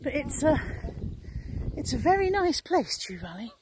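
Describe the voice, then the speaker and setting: A woman's voice: sits high, sing-song, moderate pace, noisy background. A middle-aged woman, chatting casually to a handheld phone camera in her vlog diary, self-deprecating and talking to her dog. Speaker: vlogger.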